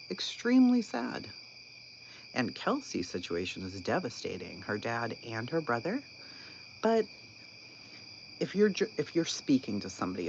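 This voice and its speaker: A man hosting a channel, talking casually about online drama in an animated, incredulous way and laughing often. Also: lowish voice. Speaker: channel host. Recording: dull lo-fi sound with constant background noise.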